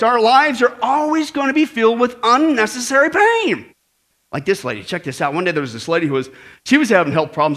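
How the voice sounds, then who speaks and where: Male pastor, comic sermon style, very lively delivery that swings up and down. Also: very high-pitched. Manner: joking, animated, laughs often, calls out to the congregation. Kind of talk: humorous sermon.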